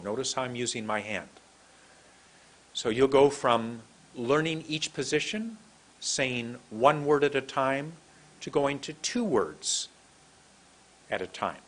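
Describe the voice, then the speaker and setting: A man teaching English pronunciation in a lesson, speaking slowly and deliberately as he demonstrates words one at a time. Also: medium pitch, animated. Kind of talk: instructional lesson, slow drills.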